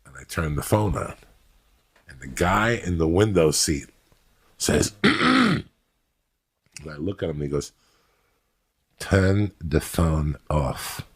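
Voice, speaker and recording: A middle-aged man with a New York accent, telling a loud, profane story as a comedian. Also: sits low, wildly swooping pitch, measured pace, long pauses, slightly rough. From New York City.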